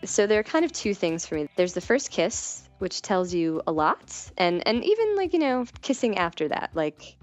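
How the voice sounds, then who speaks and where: A woman's voice: mid-range voice, big pitch swings, normal speed, few pauses, faint music behind. A woman guest on a podcast, chatting candidly and giggling as she tells stories and acts out what people said. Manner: giggly storytelling, acts out quoted dialogue. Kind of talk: candid casual chat.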